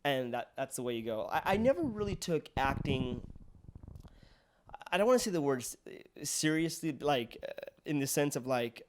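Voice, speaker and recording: A man's voice: mid-range voice, sing-song, moderate pace, noisy background. A young adult man, a podcast host and actor, talking in an upbeat, agreeable way with frequent yeahs. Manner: upbeat and agreeable, lots of "yeah". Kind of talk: casual interview chat.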